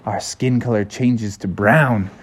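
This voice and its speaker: A man's voice: lowish voice, fairly even intonation, husky. A man voicing a worried young green lizard in a bedtime story, talking in an anxious rush. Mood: explaining. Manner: anxious, rushed.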